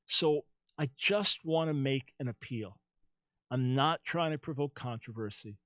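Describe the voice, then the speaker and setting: A man's voice: mid-range voice, a little slow, sharp tone, dry recording. Earnest man hosting a call-in show. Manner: earnest, repeats words as he speaks; preacherly appeal to listeners. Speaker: radio talk show host. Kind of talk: call-in radio talk.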